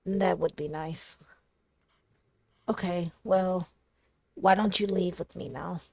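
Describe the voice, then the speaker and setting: A woman's voice: on the low side, slow pace, gravelly, darkish tone, breathy edge, exaggerated voice. A woman reading as a worried young husband. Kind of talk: reading game dialogue aloud.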